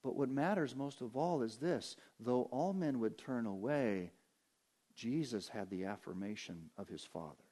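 A man preaching a sermon as pastor, rising to emphatic peaks and dropping to hushed, low passages. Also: animated, measured pace.

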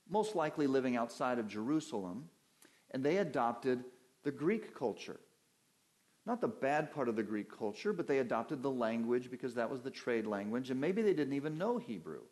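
A man's voice: medium pitch, darkish tone. A man preaching an evening Bible-teaching sermon from a church pulpit, in a conversational teaching manner, putting questions to his listeners and answering them.

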